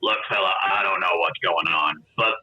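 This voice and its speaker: Guy doing rough old barkeep voice, deep and drawly, muffled lo-fi sound. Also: normal speed, bright, forceful tone, slight background noise. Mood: exasperated. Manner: folksy ungrammatical drawl. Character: gruff rough-spoken male tavern bartender. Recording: dull lo-fi audio.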